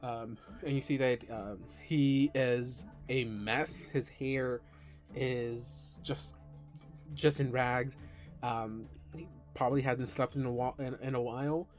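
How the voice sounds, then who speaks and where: A man narrating a tabletop game as game master, halting with many fillers and restarts. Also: mid-range voice, fairly even intonation, soft background music.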